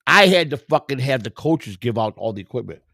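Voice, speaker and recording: A middle-aged man with a gravelly, rough-edged voice tells stories casually, swearing freely and acting out the people in them. He sounds close and dry, with no room around him. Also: mid-range voice, fairly quick, dry recording. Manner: profane, animated, acts out quotes. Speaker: storyteller, former clubhouse worker. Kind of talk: casual storytelling.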